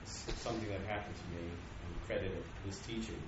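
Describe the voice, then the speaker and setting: A man's voice: sits low, fairly even intonation, a little fast. A man from the audience telling an earnest personal testimony. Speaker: audience member giving a testimony. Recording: distant, very echoey, muffled, noisy.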